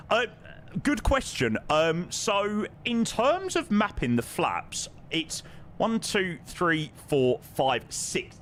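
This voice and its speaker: A man's voice: sits high, fairly bright tone, slight background noise. A man with a London accent chatting casually on a live flight sim stream, thanking viewers and answering their questions. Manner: chatty, reads viewer names and questions aloud.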